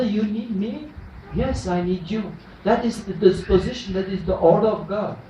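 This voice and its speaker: A man's voice: sits high, darkish tone, highs cut off, slight background noise. A man, a priest, preaching an earnest retreat sermon full of rhetorical questions and restarts. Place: chapel. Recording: echoey chapel from a distance.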